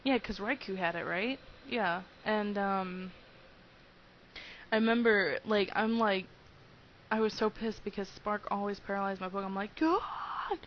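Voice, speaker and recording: A woman's voice: medium pitch, steady tone, moderate pace, muffled recording, a little hiss or hum. A young woman in her twenties narrating a video game playthrough in casual, rambling commentary, giggly and hyper. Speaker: let's play host.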